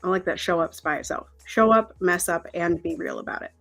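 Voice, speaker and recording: A woman co-hosting a casual livestream chat, wry and chatty with quick asides. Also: on the low side, vocal fry, a bit bright, faint music behind. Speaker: co-host.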